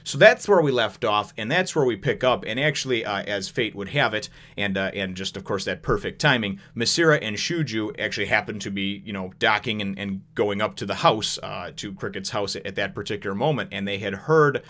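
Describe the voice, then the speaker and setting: A man's voice: on the low side, a little fast, few pauses, pushed and bright. A young adult man casually recapping a manga chapter, rambling with lots of fillers and chuckles.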